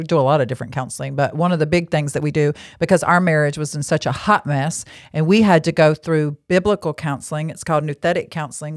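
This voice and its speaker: Her voice sits low, and the studio-quality recording has no room sound. She hosts a podcast and counsels marriages as a layperson, and here she's at an indoor table giving a casual Christian teaching talk in a frank, bottom-line way sprinkled with chatty asides.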